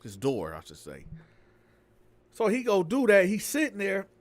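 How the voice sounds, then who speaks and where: A man's voice: high-pitched, a little slow. A man telling a story in casual storytelling style, acting out each character. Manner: animated, acts out every character. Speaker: storyteller host.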